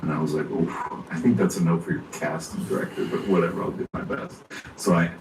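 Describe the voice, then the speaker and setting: A man, an actor being interviewed, chatting casually, animated and laughing often as he acts things out. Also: sits low, quick pace, music in the background. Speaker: actor guest. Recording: echoey room from far off with faint noise.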